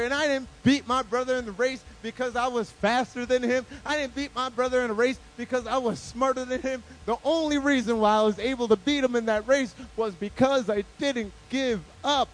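A man's voice: very high-pitched, steady tone, a little fast, few pauses, low-quality recording. A man delivering a sermon as a guest speaker, telling a story animatedly and acting out characters.

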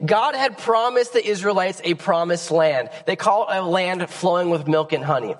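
A young man preaching a sermon on a church stage, his voice raspy and hoarse from a cold. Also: high-pitched, moderate pace, few pauses. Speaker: pastor. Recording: long church hall reverb.

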